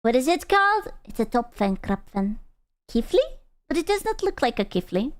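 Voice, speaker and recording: Young woman streamer, high clear voice, excitable and sweary. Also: normal speed. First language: Hungarian. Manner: excitable, swears, squeals and gasps in reactions. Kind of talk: casual chat reading out chat.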